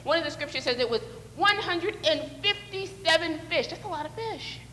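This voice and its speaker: A children's sermon leader, her voice extremely high, pushed and bright, talks at normal speed with animation as she coaxes kids through an acted-out fishing story. The setting is a large, echoey church sanctuary with long reverb and slight background noise.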